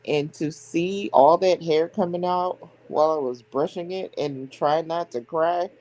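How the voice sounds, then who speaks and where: A woman's voice: low voice, measured pace, dark tone, poor audio. A middle-aged woman, a hairdresser hosting a livestream, chatting candidly and laughing between lines. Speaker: stream host, hairdresser. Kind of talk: casual chat on a livestream.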